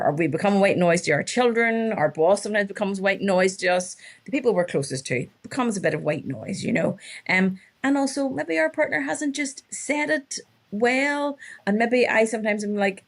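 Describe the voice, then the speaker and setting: A woman's voice: mid-range voice, lively intonation, normal speed, creaky. A woman, a relationship coach telling stories in a casual interview and acting out her clients' lines.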